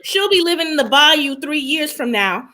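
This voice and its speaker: Sassy woman on a casual reaction chat, high voice, real bright. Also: normal speed. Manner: sassy, opinionated, animated. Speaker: co-host reacting to a reality show.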